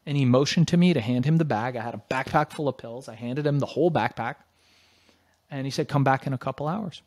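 A middle-aged man, a guest on an interview show, telling his story in a casual, animated, emphatic way and swearing freely. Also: mid-range voice, a little fast, no echo, studio quality.

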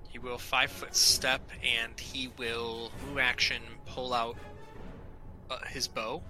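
A man's voice: mid-range voice, flat delivery, takes it slowly, sharp tone, faint music behind, rough recording. A man playing in an online tabletop game, declaring his character's actions step by step. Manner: joking, teasing, then methodical when declaring actions. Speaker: player.

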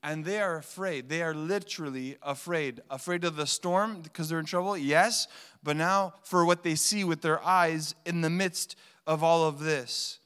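A man's voice: on the high side, normal speed, clear, resonant tone. A man preaching a sermon as a pastor, talking conversationally and acting out quoted voices with feeling. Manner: conversational preaching, animated quoting. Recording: long hall reverb.

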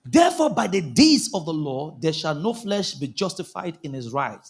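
A man preaching a sermon as a pastor, impassioned, bursting into shouts and calling for the congregation to answer back. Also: on the high side, very animated, moderate pace. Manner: impassioned, calls out for congregation responses. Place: church service.

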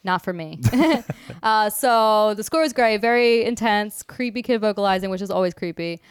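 A woman's voice: medium pitch, normal speed, clear, resonant tone, dry recording, clean studio sound. A young woman co-hosting a podcast, chatting casually about films, swearing freely and laughing often. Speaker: podcast co-host. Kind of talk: casual film review chat.

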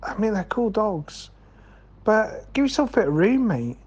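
A man's voice: high voice, very animated, moderate pace, a little mellow, lo-fi sound. A man co-hosting a comedy podcast, rambling through absurd plans, swearing and calling people mate. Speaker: podcast co-host. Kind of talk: comedic banter.

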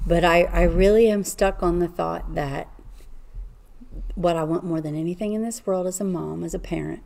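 Heartfelt woman with a mellow voice. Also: lowish voice, fairly even intonation, moderate pace, gravelly. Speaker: Bible study co-host. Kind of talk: casual Bible study chat.

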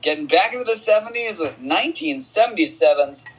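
A man's voice: high voice, expressive, fairly quick, slightly rough, poor audio. A man co-hosting a podcast, chatting casually about music in a wry, teasing way and laughing a lot. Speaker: podcast co-host.

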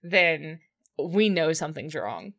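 A woman's voice: low-pitched, lively intonation, slow, fairly bright tone. A woman co-hosting a casual podcast who laughs often, gushes and stumbles over her words. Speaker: podcast co-host. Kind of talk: casual chat, episode recap.

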